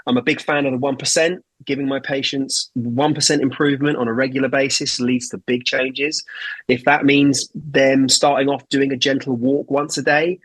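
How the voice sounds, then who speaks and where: A man speaks at a middling pitch, confident and emphatic. His voice sounds dry and close. He answers as a guest in a podcast interview. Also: a bit bright, dry recording, low-quality recording. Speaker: osteopath guest.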